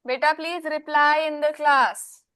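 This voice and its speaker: A woman's voice: high voice, steady tone, a little slow, pushed and bright. A woman with an Indian accent teaching an online class, explaining patiently in simple repetitions. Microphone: video call.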